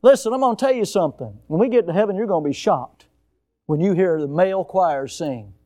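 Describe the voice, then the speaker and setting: An older man, a pastor, preaching a sermon with emphatic rises and sudden quiet drops. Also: high-pitched, lively intonation, brisk.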